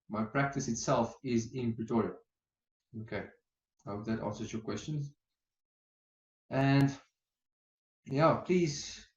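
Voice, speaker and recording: A male hypnotherapist, giving an animated coaching talk to an online group and peppering it with "okay". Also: mid-range voice, reverberant, muffled recording.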